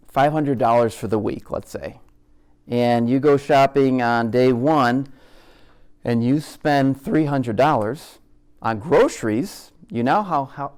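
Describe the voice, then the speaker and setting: A man's voice: medium pitch, darkish tone. A man giving a live caricature demonstration to an art group, speaking conversationally, making jokes and asking the audience questions. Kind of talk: live teaching talk to an audience.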